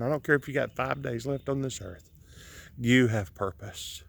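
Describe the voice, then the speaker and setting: A man's voice: medium pitch, gravelly, fairly bright tone. A grieving man films himself outdoors on his property, talking in an earnest, preachy way that halts and restarts often. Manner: halting, with many restarts. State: grieving, emotional. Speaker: vlogger sharing a personal message. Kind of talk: emotional preachy monologue. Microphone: camera he films himself with.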